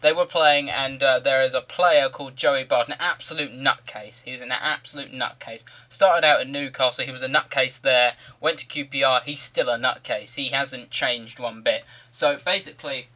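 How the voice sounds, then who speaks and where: A man's voice: mid-range voice, steady tone, normal speed, few pauses, bright, forceful tone. A man giving rambling, jokey commentary over a video game. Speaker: gaming commentator.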